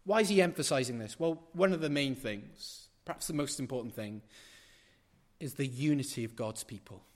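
A man preaching a sermon in a large church, building to loud emphatic peaks with rhetorical questions and repetition, then dropping to quiet asides. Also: medium pitch, moderate pace, long reverb tail.

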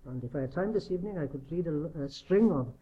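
A man's voice: fairly high pitch, animated, quick pace, mellow. A man preaching a sermon in an earnest, emphatic way, often asking rhetorical questions. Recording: dull lo-fi recording.

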